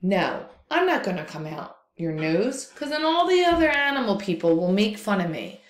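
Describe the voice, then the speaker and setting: A woman's voice: medium pitch, very animated, normal speed, reverberant, lightly acted. A woman voicing a bold, stubborn male coyote who snaps out orders in a storybook tale. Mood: bossy. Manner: bossy, sharp commands.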